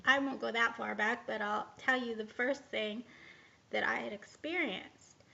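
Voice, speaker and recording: A woman's voice: fairly high pitch, unhurried, gravelly, sharp tone, lo-fi sound. A woman telling a personal story in a casual vlog, rambling and candid with many hesitations. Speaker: vlogger.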